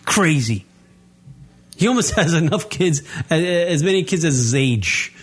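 A male radio show host ranting in a loud, profane way and repeating himself as he goes. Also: on the high side, animated, measured pace, husky. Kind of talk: brash profane radio rant.

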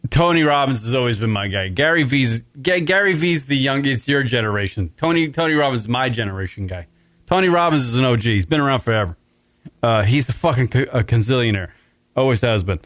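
A man's voice: medium pitch, lively intonation, quick pace, a bit bright, no echo. Profane rambling male radio host. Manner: profane, rambling, laughs often. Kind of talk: crude casual radio banter. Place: radio studio. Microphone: studio mic.

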